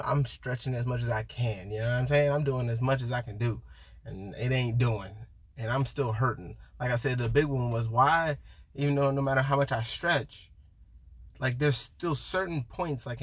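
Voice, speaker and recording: Husky young man rambling casually. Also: mid-range voice, dry recording. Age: young adult. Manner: rambling, full of restarts and "you know", animated when quoting himself. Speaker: vlogger.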